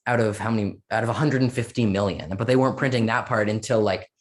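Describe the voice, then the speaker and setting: A man's voice: on the low side, quick pace. A man speaking as a guest in a casual podcast interview, rambling with many fillers and sarcastic asides.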